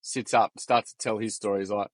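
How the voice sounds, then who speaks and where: A young adult man with an Australian accent, a guest on a podcast, telling animated stories in casual slang and acting out quotes. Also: on the low side, brisk, dry recording. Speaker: podcast guest, workshop founder. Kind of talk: casual storytelling interview.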